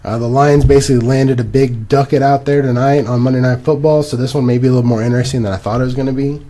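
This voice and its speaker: A young man co-hosting a casual podcast, rambling and animated as he recaps games. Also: mid-range voice, fast. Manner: animated, rambling, laughs at himself. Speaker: podcast co-host. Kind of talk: casual fantasy football chat.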